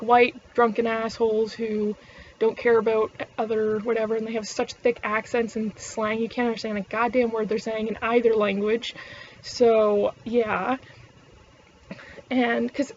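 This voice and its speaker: A Canadian woman with a somewhat high voice talks to camera in loose casual chat, rambling, swearing freely and restarting her sentences. The recording is dull and lo-fi, with a faint hiss underneath. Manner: rambling and profane, with frequent self-corrections. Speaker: vlogger.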